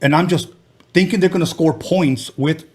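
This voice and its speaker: A man's voice: fairly high pitch, normal speed, breathy edge. A man hosting a podcast, talking bluntly and animatedly in casual chat, swearing freely. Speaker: podcast host.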